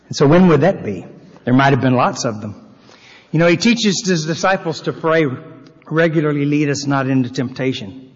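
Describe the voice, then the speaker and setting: Husky guy preaching in a church, earnest, big long echo, kinda dull sound. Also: on the high side. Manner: earnest preaching, reads scripture aloud with swelling emphasis. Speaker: pastor. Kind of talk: sermon. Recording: long hall reverb, slightly dull sound.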